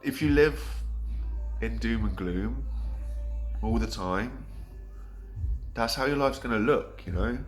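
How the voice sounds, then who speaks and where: A man's voice: mid-range voice, slow, long pauses, faint music behind. A man in his thirties, talking earnestly in a rambling vlog monologue with many restarts. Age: 30s. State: getting choked up. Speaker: vlogger.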